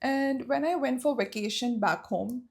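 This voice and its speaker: A woman's voice: high voice, unhurried, vocal fry. A young woman from Saudi Arabia telling a personal story in a storytime vlog, emotional and emphatic. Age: young adult.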